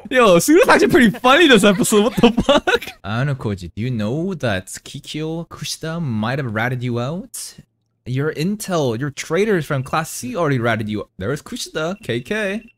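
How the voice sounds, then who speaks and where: A man's voice: fairly high pitch, big pitch swings, normal speed. A man streaming an anime reaction, chatting casually, laughing often and talking to the characters on screen. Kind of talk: casual live reaction commentary.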